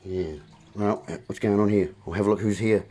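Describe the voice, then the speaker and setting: A man's voice: fairly low pitch, steady tone, normal speed, mellow. A man hosting a livestream, giving a rambling, preachy wordplay monologue with asides to his viewers. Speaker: livestream host.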